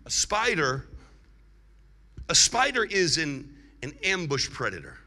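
A man preaching a sermon as guest evangelist, leading the congregation in call-and-response and building to loud, emphatic shouts. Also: on the high side, sing-song, slow. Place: large church hall. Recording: long hall reverb from a large church.

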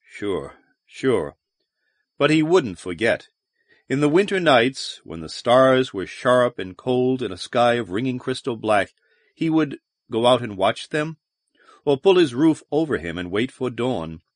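A man reading a science-fiction adventure aloud as an audiobook narrator, steady and measured. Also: medium pitch, no echo, clean studio sound. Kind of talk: scripted narration.

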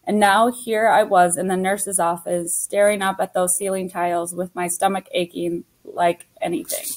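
A woman reading a children's novel aloud in first person, steady and story-paced. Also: on the low side, normal speed, low-quality recording. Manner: steady storytelling as a young girl. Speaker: audiobook narrator. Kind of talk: scripted first-person audiobook narration.

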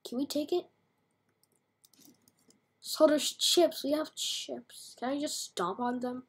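A woman's voice: sits high, fairly even intonation, takes it slowly, pauses often. A woman giving casual, playful, chatty commentary while playing a video game, full of slang. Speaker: game streamer.

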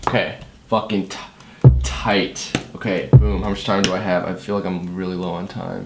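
A man making a beat against the clock in a comedic vlog, talking himself through it with loud, profane chatter and mock-dad jokes. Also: low-pitched, normal speed, creaky, loud music behind the voice. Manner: hyper, profane self-talk while working; jokey mock-dad banter. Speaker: music producer. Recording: echoey room with steady noise.

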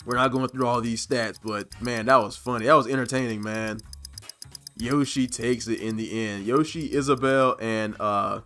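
A drawling man hosts a gaming video in a mid-pitched voice, rambling and stumbling with plenty of filler words. His throat is sore from laughing, and soft game music plays behind him. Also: steady tone, normal speed. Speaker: gaming channel host. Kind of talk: casual gameplay commentary.

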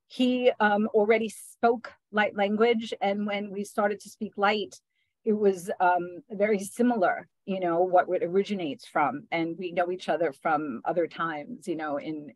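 A woman hosting a spiritual group video call, talking gently and affectionately, often adding "right?" and soft laughs. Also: mid-range voice, dry recording, low-quality recording. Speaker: spiritual session host.

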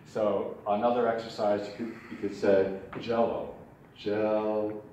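A man teaching puppet skills to a group in an informal, relaxed way, chuckling and giving examples. He is recorded from far off in a very echoey hall. Faint ambient noise hangs behind him. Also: lowish voice, normal speed, muffled recording. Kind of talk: informal workshop lesson.

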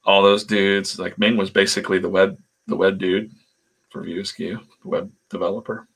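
A man's voice: low-pitched, vocal fry, pushed and bright. A man hosting a casual livestream, telling rambling anecdotes with laughs and swearing. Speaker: comic artist and channel host.

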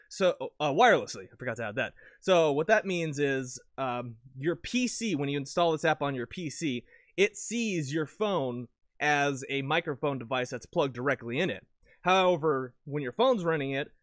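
A man talking casually about his recording setup into a lavalier mic at home, rambling and correcting himself with sudden bursts of excitement. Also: on the high side, no room sound. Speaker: video creator. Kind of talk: casual gear talk to camera.

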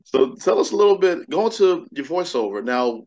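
A man's voice: on the high side, very animated, normal speed, darkish tone. A man hosting a casual interview, asking questions in a laid-back way with easy slang. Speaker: host. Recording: dull lo-fi audio.

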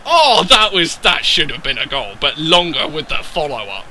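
A young man calling his own football game match as he plays, with a high, very bright, cutting voice. He swears freely and leaps from low mutters to loud yells, his pitch swinging wildly all over. A faint hiss of noise sits under him. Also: normal speed, few pauses, low-quality recording. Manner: excitable and sweary, yelling at his players. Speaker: gaming YouTuber. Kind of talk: live gameplay commentary.

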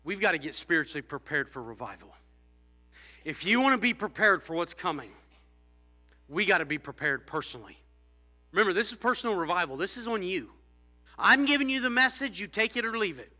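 A man preaching in church with a strikingly high, piercing voice. He moves from hushed, intense warnings to loud exclamations, calling on the congregation to respond. His delivery is passionate and sharp-edged. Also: expressive, a little fast, pauses often, faint music behind. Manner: fervent preaching, swings from low intensity to shouting. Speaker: pastor. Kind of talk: sermon.

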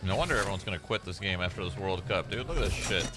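Man streamer, low voice, sarcastic complaining, music behind. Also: lively intonation, fast. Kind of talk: casual ranting to chat.

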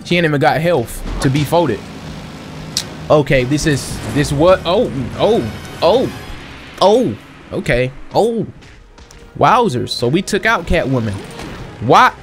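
Excitable slangy young man gaming. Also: fairly high pitch, slow, long pauses, soft background music. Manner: excitable, slangy, talks to himself and viewers while playing. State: sniffly. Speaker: gaming channel host. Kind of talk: casual let's-play commentary.

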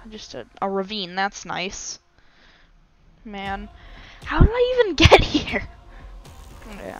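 Woman, gameplay commentary, unhurried delivery, mid-pitched voice, self-mocking asides, faint music behind. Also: poor audio. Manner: self-mocking, frequent exclamations and sighs.

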